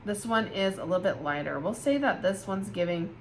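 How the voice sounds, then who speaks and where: A woman's voice: mid-range voice, lively intonation, a little fast, slight background noise. A tired woman chatting casually and with gushing enthusiasm as she reviews scented candles for her viewers. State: tired, yawning. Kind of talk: casual product review vlog.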